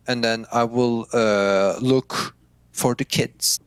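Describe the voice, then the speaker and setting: A man playing a tabletop game, hesitant and halting, stopping to restart his sentences. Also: medium pitch, steady tone, clean tone, no room sound. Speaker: player.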